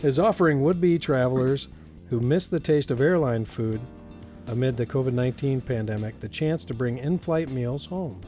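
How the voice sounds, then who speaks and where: A man's voice: medium pitch, normal speed, over music. A man hosting an odd-news podcast, reading stories aloud and joking around, often laughing. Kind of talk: casual comedic chat.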